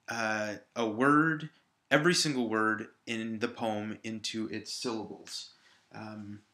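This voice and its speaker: A man's voice: mid-range voice, bright, forceful tone, reverberant. A man teaching a lesson at a whiteboard, explaining patiently and overstressing syllables in his examples. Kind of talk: recorded classroom lesson. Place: classroom at a whiteboard.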